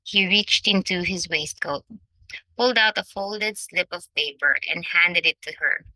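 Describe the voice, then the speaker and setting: A woman reading a novel aloud as audiobook narrator, in measured storytelling. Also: on the low side, pushed and bright, no room sound, rough recording.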